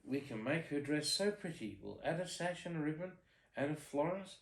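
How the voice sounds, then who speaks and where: A man's voice: fairly high pitch, lively intonation, moderate pace, gravelly. A man voicing a chorus of eager, helpful little mice in a bedtime storybook reading. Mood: cheerful. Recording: echoey room.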